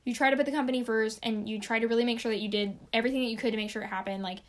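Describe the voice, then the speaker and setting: A young woman in casual conversation rattles through a story from her job. Her voice sits a bit high and her words tumble out quickly, packed with "like" and restarts. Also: steady tone. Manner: rambling, heavy use of "like".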